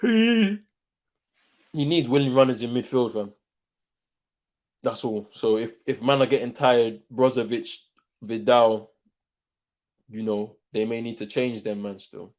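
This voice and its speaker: Young man, watchalong host; slangy, excitable, repeats lines, jumps from shouts to mutters. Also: mid-range voice, a little slow, long pauses. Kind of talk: live football watchalong commentary.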